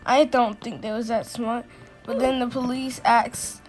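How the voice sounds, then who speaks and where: A woman telling a personal story in a casual storytime, halting often with restarts and fillers. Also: fairly high pitch, level tone, soft background music.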